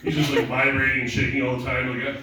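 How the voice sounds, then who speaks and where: A man's voice: mid-range voice, flat delivery, fast. A young man doing a crude, rambling, self-mocking stand-up set at a comedy show. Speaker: stand-up comic. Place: comedy club stage. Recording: echoey room, far from mic, noisy.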